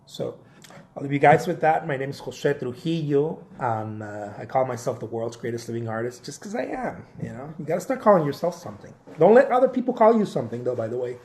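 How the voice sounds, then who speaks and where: A man's voice: medium pitch, fairly quick. A man, a painter, giving casual motivational career advice to viewers, repeating himself and often asking "right?". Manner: animated, repeats phrases, asks "right?" often. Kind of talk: casual motivational live talk.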